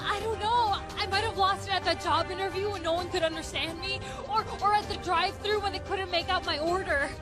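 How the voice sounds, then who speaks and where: A woman's voice: very high voice, a little fast, hardly any pauses, music in the background. A young woman from the Philippines performing a playful, mock-dramatic comedy sketch. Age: young adult.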